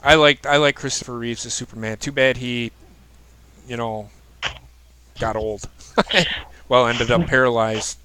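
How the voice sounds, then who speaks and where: A man's voice: mid-range voice, steady tone, measured pace, pauses often, pushed and bright, rough recording. A man hosting a casual chat show, giving blunt opinions and swearing freely. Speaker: podcast host.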